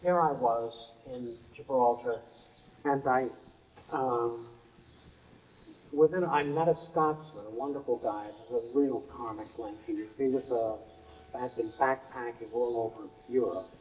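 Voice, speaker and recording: Mellow-voiced man telling stories. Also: mid-range voice, a little slow, low-quality recording. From United States. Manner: rambling anecdotal storytelling, frequent chuckles and fillers. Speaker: interviewee. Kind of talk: oral history storytelling.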